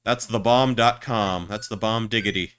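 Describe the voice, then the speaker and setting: A man's voice: on the low side, moderate pace, fairly bright tone. A man streaming a game, chatting in a rambling, stammering way with crude jokes. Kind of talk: casual gameplay chat.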